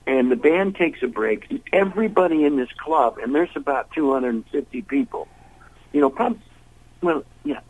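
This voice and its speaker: Older male blues singer, gravelly and husky, rambling storyteller who acts out every voice in his anecdotes. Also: on the high side, big pitch swings, normal speed, dull audio. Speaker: blues singer, interview guest. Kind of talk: casual storytelling interview.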